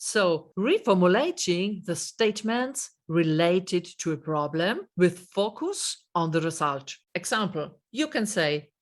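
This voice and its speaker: Lower-voiced woman giving a training lesson. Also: lively intonation, unhurried, few pauses. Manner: clear instructive delivery, lists terms one by one. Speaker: soft skills trainer. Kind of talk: scripted online lesson.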